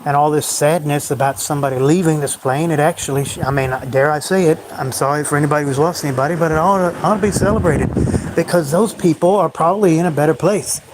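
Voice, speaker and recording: A man's voice: a little high, fast. Brooding man rambling on a noisy livestream. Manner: brooding, rambling, bitter about life. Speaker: livestream host. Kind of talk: rambling solo livestream monologue.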